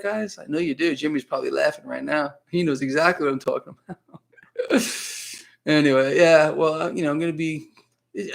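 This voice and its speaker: A man's voice: fairly high pitch, creaky, a bit bright. A man hosting a casual live stream, chatting in a rambling way and reading viewer comments aloud.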